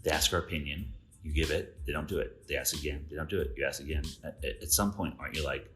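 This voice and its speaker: A man's voice: rumbling low, fast talker, hardly any pauses, fairly bright tone, faint music behind. A man hosting a podcast, telling stories casually with quoted dialogue and questions to the listener. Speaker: podcast host. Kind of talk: casual storytelling monologue.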